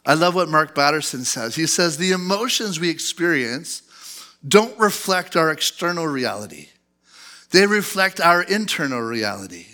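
A male pastor in his thirties preaching a sermon in church, animated and acting out angry outbursts. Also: a little high, normal speed. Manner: animated, acts out outbursts in a loud put-on voice.

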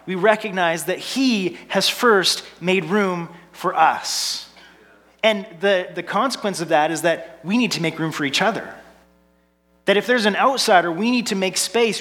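A male pastor delivers a sermon in a humorous, conversational style, tossing rhetorical questions to the congregation. His voice is high and a bit bright. A long reverb from a large hall surrounds the recording.

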